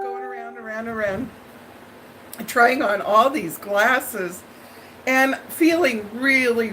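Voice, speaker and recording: A woman hosting a live stream, telling viewers a story in a dramatic, animated way and laughing often. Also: fairly high pitch, slight background noise, poor audio.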